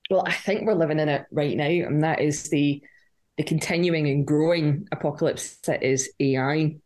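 A woman's voice: low voice, fairly even intonation, moderate pace, a little mellow. A Scottish woman, a podcast guest, chatting casually and joking at her own expense with frequent laughs. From Scotland. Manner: joking, self-mocking, laughs often. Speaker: guest, game writer.

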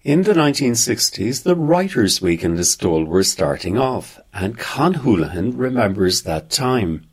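A man narrating a documentary in a measured, scripted delivery. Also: on the low side, sing-song, darkish tone, slightly rough.

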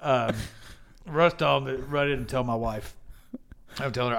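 A man's voice: mid-range voice, steady tone, a little fast, creaky, heavy background noise. A man co-hosting a podcast, telling a story in casual chat and breaking into laughter often. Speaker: podcast co-host.

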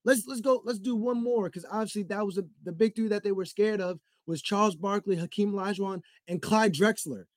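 A young man hosts a solo sports podcast, his high voice moving briskly with few pauses and no room sound. He rambles and gets heated, repeating himself and packing in "like" and "bro" throughout his rant.

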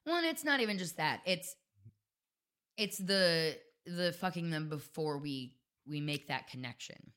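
With a low, expressive, fairly bright voice, a woman co-hosts a podcast at a measured pace. She talks frankly and casually, laughing easily throughout the candid chat.

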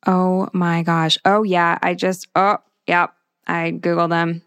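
Dry-sounding lower-voiced woman co-host. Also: little pitch movement, slow pace, fairly bright tone, smooth, dry recording. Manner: reactive, gasping, exclaiming. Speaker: podcast co-host. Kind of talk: casual podcast chat.

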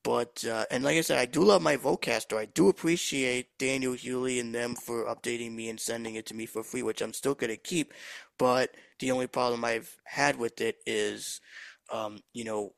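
Man, gravelly, dry close sound, rambling casual podcast chat. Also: medium pitch, fairly even intonation, moderate pace, no room sound, rough recording. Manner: enthusiastic gear talk, loose and rambling. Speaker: podcast host.

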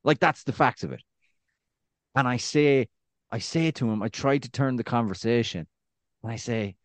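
An Irish man in his thirties, co-hosting a casual podcast chat, animated and rambling with restarts and acted-out anecdotes. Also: mid-range voice, normal speed, no echo. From Ireland. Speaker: podcast co-host.

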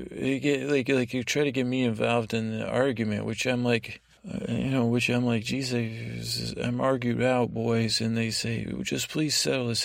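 A man spins a rambling bedtime story in a deadpan, meandering way. His voice is heavy with gravelly fry, and it sounds close and dry with no room around it. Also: medium pitch, no room sound. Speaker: podcast host. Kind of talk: improvised bedtime story narration.

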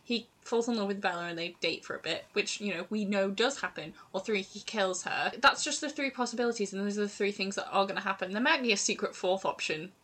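A young woman co-hosting a casual book chat, animated and laughing, often jumping into playful voices. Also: medium pitch, quick pace, few pauses. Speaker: podcast co-host.

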